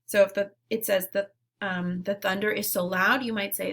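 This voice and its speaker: A woman teaching a phonics lesson to young children, giving slow, clearly spoken word prompts and pausing for them to repeat. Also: medium pitch, little pitch movement, fairly bright tone, a little hiss or hum. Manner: encouraging.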